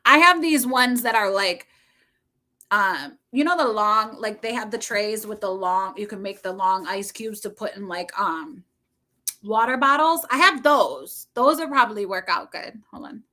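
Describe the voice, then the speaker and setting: A woman's voice: mid-range voice, animated, measured pace, sharp tone. A middle-aged woman chatting casually with viewers on a livestream from home, rambling and laughing often.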